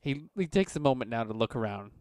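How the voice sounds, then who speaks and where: A man runs a tabletop game as game master, narrating in a relaxed way with restarts and chuckles. His voice sits at a mid pitch and sounds dry and close. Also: fast, clear, resonant tone, no echo.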